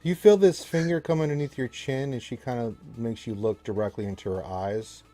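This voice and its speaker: A man narrates a tabletop game as game master, stopping and restarting as he paints each scene. His voice is dark and mellow, with faint music under it. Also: medium pitch. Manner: rambling, halting descriptions with many fillers.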